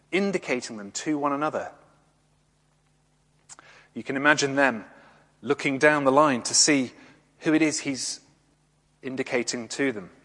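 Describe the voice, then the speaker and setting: A man gives a gentle, reflective sermon in a mid-range voice, pausing between short phrases. His voice rings with a long reverb, as if in a church. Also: medium pitch. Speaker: preacher.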